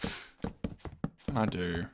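A young man, chatting casually and joking while playing a game, often swearing and getting excited. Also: extremely slow, noisy background. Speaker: gaming streamer.

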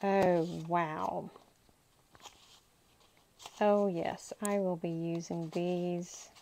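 A woman's voice: on the low side, level tone, drawn-out words, warm tone, slight background noise, poor audio. A woman hosting a crafting channel, chatting casually and gushing to herself as she unboxes paper supplies. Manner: gushing, talks to herself while handling paper.

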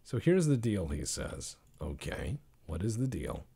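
A man with a gravelly, husky voice talks through his gameplay in a loose, rambling way. His pitch swings widely, from low deadpan mutters up to loud bursts. He sits a little low for a man. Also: measured pace. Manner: jokey, deadpan asides with sudden loud outbursts. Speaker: gameplay commentator.

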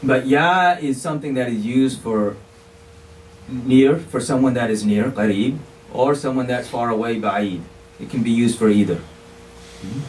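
A man preaching from a mosque pulpit, explaining his points in a relaxed, conversational way and slipping in Arabic phrases. He sits well back from the microphone, so his voice comes across distant. A faint hiss of noise lies behind it. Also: medium pitch, a little slow. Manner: conversational, often saying "you know", sprinkled with Arabic phrases. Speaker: imam giving a sermon. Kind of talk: explanatory sermon.

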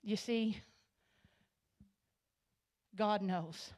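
A woman from Arkansas, telling her life story as a church sermon, storytelling that swells into loud, passionate preaching. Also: medium pitch, extremely slow. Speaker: guest speaker giving testimony. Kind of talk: Pentecostal sermon testimony. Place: church sanctuary.

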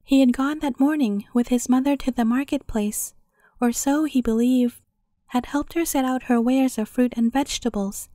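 A woman reading a bedtime fairy tale aloud in calm, scripted storybook narration. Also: sits high, no echo, clean studio sound.

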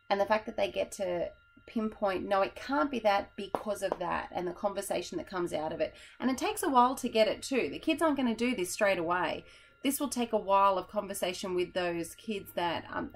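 A woman's voice: mid-range voice, a little hiss or hum, poor audio. A young woman teacher, explaining a classroom method in a chatty, tired way and laughing at herself.

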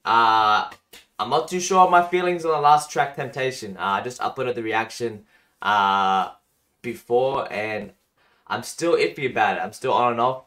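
A man hosting a casual music reaction video, chatty and enthusiastic, in a morning voice that sits deeper than usual. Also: normal speed, fairly bright tone.

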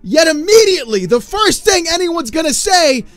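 A man hosting a gaming commentary channel, ranting in an exasperated, mocking way that swings into shouting. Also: extremely high pitch, very animated, moderate pace, no echo, faint music behind.

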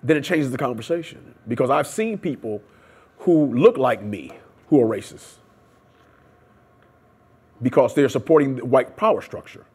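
A man with a husky, somewhat breathy voice tells his story in an oral history interview. He acts out the dialogue and prayers along the way. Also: mid-range voice, lively intonation, moderate pace, pauses often, darkish tone. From United States. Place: seminary room.

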